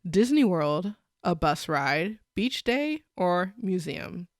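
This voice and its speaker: A woman's voice: lowish voice, very animated, takes it slowly, no room sound, studio quality. A young woman co-hosting a casual podcast chat, giggly and chatty, filling her talk with likes and ums. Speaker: podcast co-host.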